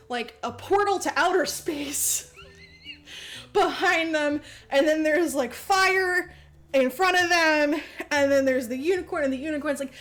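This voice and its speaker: A woman's voice: sits high, a bit bright. A woman podcast host giving a casual comedic movie recap, rambling, swearing freely and laughing as she talks. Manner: profane, rambling, laughs often while telling.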